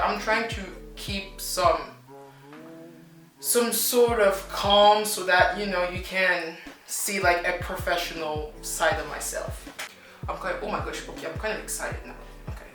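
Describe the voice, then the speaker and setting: A French-native woman, a language teacher, chatting excitedly and repeating herself as she reacts to a clip. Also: mid-range voice, heavy reverb, far from the mic. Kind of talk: excited casual reaction vlog. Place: outdoors in sunlight.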